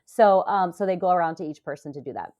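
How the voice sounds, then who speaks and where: With a fairly low, slightly mellow voice, this woman in her forties talks fast and animatedly as a podcast guest. She retells an emotional experience in casual interview fashion, with plenty of hesitations and fillers.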